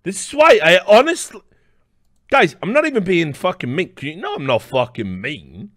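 A man's voice: sits high, big pitch swings, moderate pace, a bit bright, dry recording, studio quality. Rambling, profane man streamer. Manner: rambling, profane, laughing asides. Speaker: live stream host. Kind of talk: casual reaction commentary.

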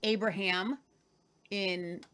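A woman co-hosting a casual news commentary show, musing aloud in a relaxed, conversational way. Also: medium pitch, very slow, crowd noise.

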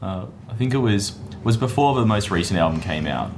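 A man co-hosting a podcast, relaxed and hedging thoughtfully. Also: fairly low pitch, fairly quick, background noise. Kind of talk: casual chat.

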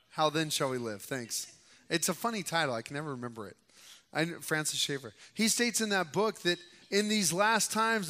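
A young adult male pastor giving a conversational sermon in a church sanctuary, who grows louder and more emphatic when he reads scripture aloud. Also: sits high. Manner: conversational preaching, rising loud for scripture reading. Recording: long hall reverb.

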